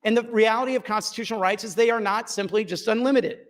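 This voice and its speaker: A man's voice: high voice, fast talker. A man losing his voice, giving a firm, lawyerly floor speech in a legislative chamber and repeating his key points. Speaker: state senator in floor debate.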